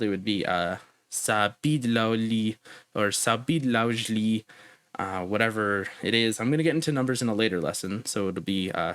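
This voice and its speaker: A man's voice: lowish voice, a bit bright, dry recording. Man stumbling through a casual lesson. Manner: halting, with many ums and uhs; slows down to spell out phrases. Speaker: language teacher. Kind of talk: casual recorded language lesson.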